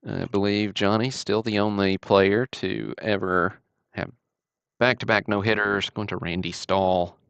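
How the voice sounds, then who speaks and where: Deep gravelly man, livestream host. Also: steady tone, a little slow, a bit bright, dry recording, highs cut off. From Alabama. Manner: easygoing, chatty running commentary. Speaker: host of a card-break livestream. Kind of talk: casual livestream commentary.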